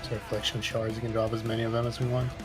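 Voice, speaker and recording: A man's voice: mid-range voice, completely flat delivery, rapid-fire. A man chatting and joking in casual gaming voice chat, with game music behind him.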